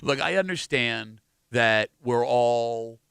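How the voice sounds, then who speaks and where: A man's voice: mid-range voice, takes it slowly, vocal fry, a bit bright, clear, resonant tone, dry recording. A man hosting a radio talk show, steering the talk and reading listener messages. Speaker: radio host. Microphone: studio microphone. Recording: dry studio sound.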